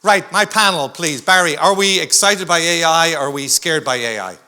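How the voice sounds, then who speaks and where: A man's voice: on the high side, moderate pace, bright, forceful tone. A man moderating a conference panel, telling a humorous anecdote to the audience. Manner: joking, anecdotal. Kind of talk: conference storytelling. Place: conference hall stage.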